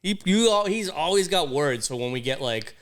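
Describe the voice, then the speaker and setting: A man trading teasing jabs on a podcast. His voice sits a little high and swoops around a lot. He keeps breaking into mock pronunciations. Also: animated, normal speed, a bit bright. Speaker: podcast co-host. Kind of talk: casual banter.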